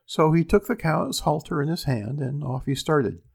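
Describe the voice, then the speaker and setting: A man reading classic fairy tales aloud in a steady, unhurried storybook narration. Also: fairly high pitch, vocal fry, husky.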